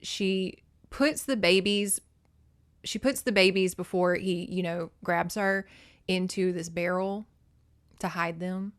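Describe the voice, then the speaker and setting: A woman's voice: fairly low pitch, fairly even intonation, slow pace. Profane woman podcaster recapping a book. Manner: profane, emotionally invested storytelling. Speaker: podcast host.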